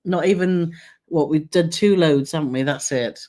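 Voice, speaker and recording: A woman's voice: deep voice, moderate pace, warm tone. A woman co-hosting a travel live stream, chatting casually and reading out viewer comments with frequent laughter. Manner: chatty, laughs often, reads comments aloud.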